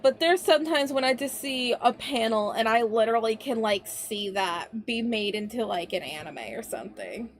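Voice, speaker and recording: A woman's voice: on the high side, a little hiss or hum. A young woman streamer chatting casually to her viewers, chatty and a little scattered, with many fillers and restarts. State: tearful and laughing. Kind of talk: casual livestream chat.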